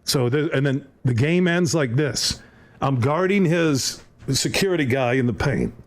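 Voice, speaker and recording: A man's voice: medium pitch, unhurried. A man on a podcast telling a story with energy and acting out the other people in it. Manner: lively anecdote-teller, acts out voices. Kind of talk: animated storytelling.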